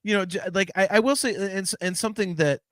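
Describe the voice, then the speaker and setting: A man hosting a podcast in casual chat, rambling with many restarts and lively swings in delivery. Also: high voice, fast talker, no room sound, studio quality. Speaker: podcast host.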